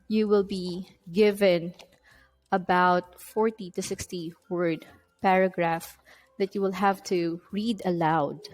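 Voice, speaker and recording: A woman giving a recorded English test-prep lecture in a mid-pitched voice. She explains each point step by step and leans on key terms. Faint music plays in the background. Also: a little mellow, poor audio.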